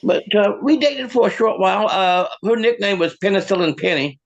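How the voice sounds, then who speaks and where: High gravelly comedian, halting delivery. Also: male voice, highs cut off. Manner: deadpan one-liners with halting restarts. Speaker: stand-up comedian. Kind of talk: stand-up comedy set.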